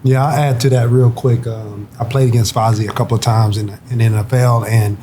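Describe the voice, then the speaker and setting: A former pro football player sharing a lively game-day story on a panel, laughing as he goes. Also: mid-range voice, fairly quick, slight background noise. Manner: animated, laughing anecdote teller. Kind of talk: casual storytelling chat. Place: wine bar, indoors.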